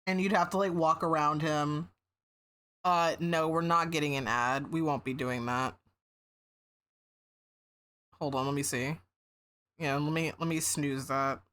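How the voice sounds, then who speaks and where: A woman's voice: low-pitched, a little slow, long pauses, fairly bright tone. A woman streamer in casual livestream chat, meandering with many fillers and restarts, swearing now and then.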